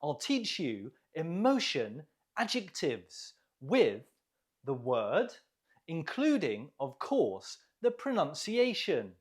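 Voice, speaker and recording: A man teaching an English vocabulary lesson, explaining words clearly and asking learners questions to repeat. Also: fairly high pitch, slow pace. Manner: clear, lively teaching delivery with rising questions.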